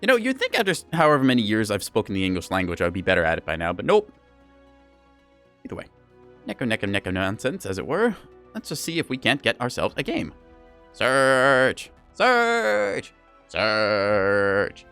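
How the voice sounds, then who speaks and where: A man's voice: fairly low pitch, wildly swooping pitch, quick pace, fairly bright tone, faint music behind. A man streaming a game live, chatting casually and playfully with his chat in a rambling, self-mocking way. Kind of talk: casual live gameplay commentary.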